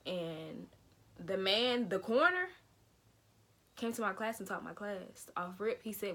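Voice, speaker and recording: A woman's voice: mid-range voice, expressive, a little slow, a bit bright. A young woman, telling a family story in a casual, earnest way that often repeats itself. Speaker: vlogger. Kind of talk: emotional storytelling.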